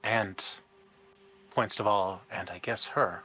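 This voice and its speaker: A man's voice: fairly low pitch, fairly even intonation, a little slow, pushed and bright, husky. A man running a tabletop game as game master, narrating in a laid-back way and laughing often, on a home mic during a video call.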